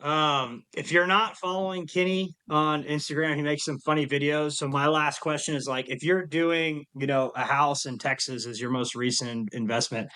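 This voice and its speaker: A man's voice: a little high, fairly even intonation, normal speed, hardly any pauses, pushed and bright, smooth, no room sound. A man co-hosting a podcast, casual and upbeat. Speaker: co-host.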